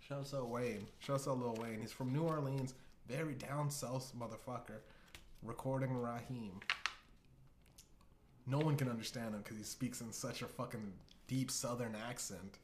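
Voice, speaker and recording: A man's voice: medium pitch, steady tone, normal speed. A man hosting a casual comedy show, riffing in a rambling, profane way with many restarts. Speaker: host. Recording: echoey room with faint hiss.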